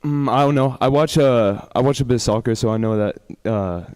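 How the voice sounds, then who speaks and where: A young man, a student, answering in class in a hesitant, halting way with many fillers. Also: mid-range voice, darkish tone, clean tone. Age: young adult. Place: large lecture hall. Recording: long echo of a lecture hall.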